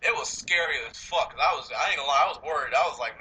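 A man's voice: a little high, racing, pushed and bright, a little hiss or hum, poor audio. A man co-hosting a podcast, chatting casually about movies, rambling, swearing and laughing often. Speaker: podcast co-host.

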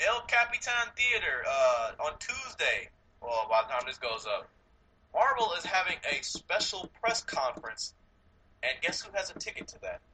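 Excitable male podcast co-host, cutting bright tone, salty language, casual chat. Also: on the high side, normal speed, slight background noise, poor audio. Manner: excitable, swears freely, laughs often.

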